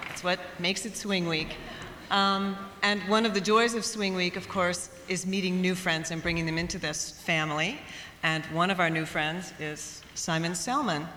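A woman hosts a live event from the stage, warm and chatty, with small fillers between her lines. Her voice sits fairly low but has a bright, forceful edge. It rings through a large hall with long reverb over a faint murmur of the crowd. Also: normal speed, a little hiss or hum. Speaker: event emcee. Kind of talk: stage announcing.

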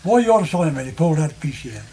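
Older man, high-pitched storyteller, country dialect, chuckly oral-history yarn. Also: lively intonation, very fast, crowd noise, poor audio. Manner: folksy rambling yarn-spinning with chuckles.

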